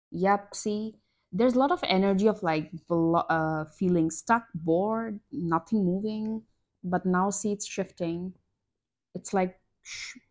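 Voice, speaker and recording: Excitable woman giving a tarot reading. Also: on the low side. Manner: excitable, exclaiming, breathy gasps and laughs. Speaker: tarot reader.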